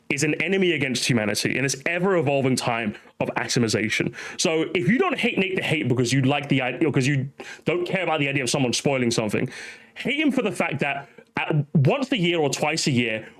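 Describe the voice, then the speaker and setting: A man's voice: a little high, a bit bright. A man streaming live, ranting animatedly and talking straight to his chat.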